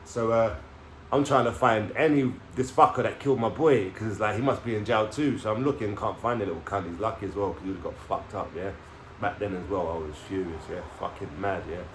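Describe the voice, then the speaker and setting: A man's voice: lowish voice, a little fast. A man telling his life story to camera in casual street slang, swearing and checking in with "yeah?". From London. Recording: echoey room with faint background noise.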